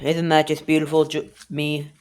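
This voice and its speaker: A woman's voice: sits low, monotone, normal speed, darkish tone. A woman casually narrating a home cooking video, joking to herself and filling gaps with "anyway". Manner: rambling, jokey, keeps saying "anyway"; talks to self and the viewer.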